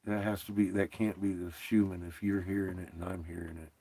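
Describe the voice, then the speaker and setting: Gravelly rambling man streaming. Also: deep voice, fairly even intonation, a little fast, warm tone, dry recording. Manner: rambling, profane, laughs often. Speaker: livestream host. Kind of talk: casual livestream chat.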